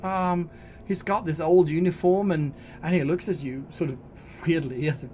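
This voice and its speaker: A man narrating a tabletop horror game as game master, speaking English as a second language, halting and repeating words as he goes. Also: fairly high pitch, steady tone, a little mellow, soft background music. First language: Swedish.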